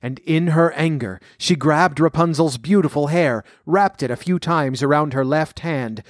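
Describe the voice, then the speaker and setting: A man's voice: a little high, normal speed, no room sound. Man reading a fairy tale, dry close sound. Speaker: storyteller and folklore commentator.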